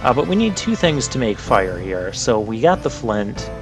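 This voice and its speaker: A man's voice: mid-range voice, big pitch swings, moderate pace. A man hosting a let's play, chatting casually and wryly about the game, with a lightly sarcastic edge. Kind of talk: casual gameplay commentary. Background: game music.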